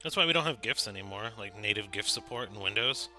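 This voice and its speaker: A man's voice: fairly low pitch, expressive, quick pace, bright, forceful tone, soft background music. A man acting as game master on a livestream, chatting casually while sorting out his setup. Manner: laid-back, chatty, fiddling with the stream setup.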